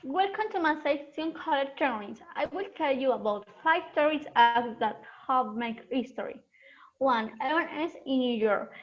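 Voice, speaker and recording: A teenage girl with a high voice reads a prepared school presentation in a steady, careful way. The sound is a little dull and low-fidelity. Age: teens. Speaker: student presenter.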